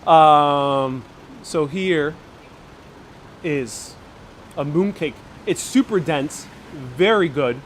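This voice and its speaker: A man's voice: fairly high pitch, very slow, long pauses, a little hiss or hum. A man hosting a live-streamed walking vlog, chatting casually with lots of fillers, restarts and frequent laughs, speaking into a handheld phone outdoors. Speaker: travel vlogger host. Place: outdoors on city streets. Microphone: phone held in hand while live streaming.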